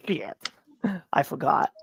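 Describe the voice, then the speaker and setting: A man from upstate New York co-hosting a podcast in casual chat, rambling with many halting restarts. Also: no room sound. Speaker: podcast co-host.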